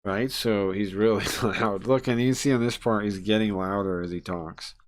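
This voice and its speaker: A man casually reading a game aloud on a live stream, chatty and laughing often, jumping up in pitch when he voices the characters' lines. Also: normal speed.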